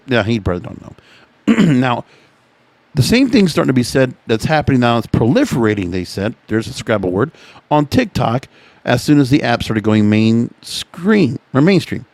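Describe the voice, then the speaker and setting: A man's voice: mid-range voice, darkish tone, dry recording. A man hosting a podcast, reading from an article and reacting to it in an opinionated, chatty way. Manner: opinionated, chatty, reacting to what he reads aloud. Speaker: podcast host.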